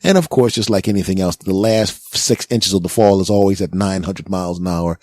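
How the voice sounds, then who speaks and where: A man in his forties hosting a comedic monologue, rambling and animated, often checking in with "right?". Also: low voice, a little fast, no room sound. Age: 40s. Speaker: podcast host.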